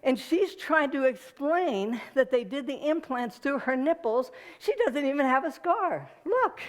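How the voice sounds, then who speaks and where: A woman's voice: sits high, animated, unhurried. A woman giving a personal storytelling talk to an audience, laughing often and talking to listeners in a conversational way. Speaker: guest speaker.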